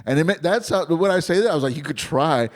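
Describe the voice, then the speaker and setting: A man's voice: high-pitched, lively intonation. Laid-back male comedian riffing casually. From San Antonio, Texas. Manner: laid-back, riffing, swearing, doing quick voices. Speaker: podcast co-host, comedian.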